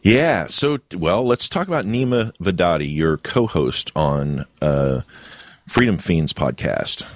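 A man hosting a casual podcast conversation, easygoing and a bit halting, often laughing. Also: deep voice, sing-song, no room sound. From Ohio. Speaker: podcast host.

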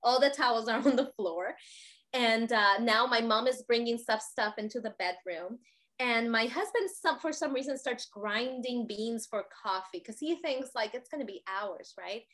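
This high-pitched woman is a guest in an interview, recounting something from her own life in a lively, expressive way. A fast "right?" caps many of her sentences as she checks on her listener, and she mimics the people she quotes.

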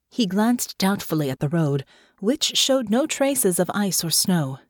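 A woman's voice: medium pitch, very animated, measured pace, no echo, clean studio sound. A woman reading a fantasy novel aloud as audiobook narrator. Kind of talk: scripted narration.

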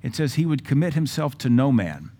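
A pastor preaching a sermon with a Southern American accent, blunt and sarcastic, acting out quotes. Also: male voice, mid-range voice, sing-song, brisk, warm tone, husky.

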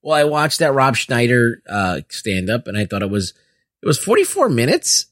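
A man co-hosting a podcast in casual chat, rambling and halting. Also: mid-range voice, wildly swooping pitch, fairly bright tone, dry recording, clean studio sound. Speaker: podcast co-host.

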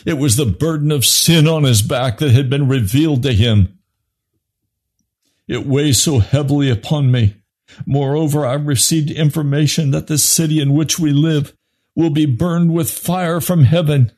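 A man preaching an impassioned sermon, swinging from low grave tones to high urgent pleading. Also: steady tone, normal speed, a little mellow.

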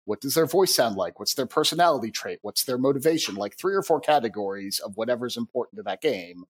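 A man's voice: medium pitch, lively intonation, quick pace, husky. A man co-hosting a podcast, rambling casually with restarts and the odd swear. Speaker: podcast co-host. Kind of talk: casual chat.

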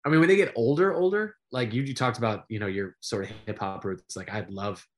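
A middle-aged man, a sportscaster guest, telling stories in a casual interview, animated and full of fillers. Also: medium pitch, brisk, slight background noise. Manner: animated storyteller with many fillers.

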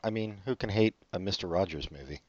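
A man co-hosting a casual podcast chat, sarcastic and teasing, often trailing off quietly. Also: low-pitched, fast, no echo. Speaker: podcast co-host. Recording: dull lo-fi audio.

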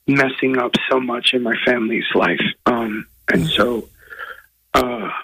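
A man, a guest musician, telling a personal story in an earnest, halting, emotional way from a hotel room. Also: medium pitch, bright, forceful tone, slightly rough, poor audio.

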